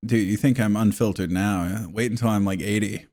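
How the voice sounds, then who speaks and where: A man's voice: on the low side, fairly even intonation, brisk, a little mellow. A man co-hosting a podcast in casual chat, crude and rambling, laughing as he riffs. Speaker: podcast co-host.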